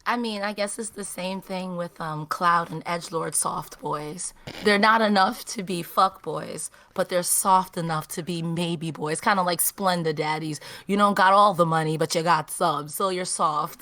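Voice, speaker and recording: Bright-voiced joking woman guest. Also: lowish voice. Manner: joking, laughs often. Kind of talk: casual chat.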